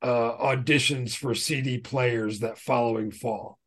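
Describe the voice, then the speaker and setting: A man's voice: mid-range voice, steady tone, measured pace. A man co-hosting a podcast, chatting casually and telling profane, rambling stories. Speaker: podcast co-host. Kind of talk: casual chat.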